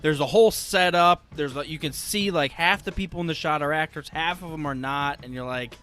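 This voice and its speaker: A man's voice: a little high, fairly quick, pushed and bright. Joking, blunt male podcast co-host. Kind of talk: casual chat.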